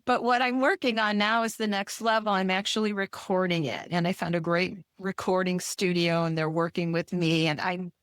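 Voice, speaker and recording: A woman's voice: on the low side, dry recording. Effusive woman guest, dry close sound. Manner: effusive, enthusiastic, frequent restarts. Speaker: guest author and coach. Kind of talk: casual interview chat.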